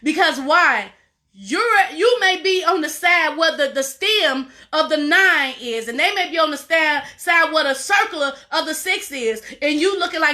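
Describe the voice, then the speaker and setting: High bright-voiced woman coach, preachy and repeats herself a lot. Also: expressive, normal speed. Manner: preachy, repetitive, emphatic. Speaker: life coach. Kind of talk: motivational talk to camera.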